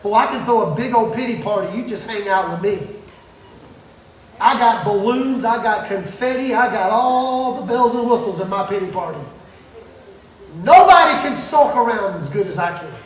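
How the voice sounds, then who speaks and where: Very high-voiced preacher in an echoing church. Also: male voice, expressive, moderate pace, slight background noise. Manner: shouting and dropping to near whispers, playful asides. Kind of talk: sermon. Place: church sanctuary. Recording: very echoey room, mic at a distance.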